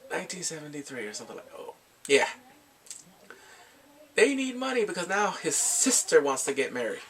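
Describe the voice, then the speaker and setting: A man casually retelling a film's plot as a movie reviewer, animated, laughing often and acting out quotes in squeaky voices. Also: far from the mic.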